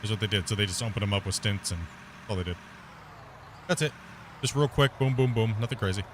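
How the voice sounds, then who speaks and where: A man's voice: fairly low pitch, a little fast, background noise. A man chatting casually while streaming live gameplay, rambling, laughing often and swearing casually.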